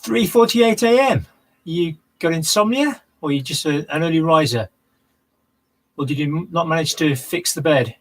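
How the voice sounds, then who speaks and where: A man's voice: fairly high pitch, expressive, moderate pace, a bit bright, low-quality recording. A man live-streaming from his home workshop, chatting casually to viewers and thinking aloud between tasks. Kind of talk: casual chat while working.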